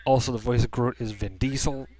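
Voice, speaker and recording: A man's voice: mid-range voice, steady tone, fairly quick, mellow. A man giving a casual spoken movie review from a room at home, rambling with many restarts and fillers.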